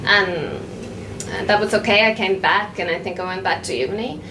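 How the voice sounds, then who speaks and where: A woman's voice: medium pitch, normal speed, natural voice. An actress playing a woman recalling her youth abroad, telling it plainly on a small live stage. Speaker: stage actor in verbatim theatre. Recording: roomy, distant, noisy theatre recording.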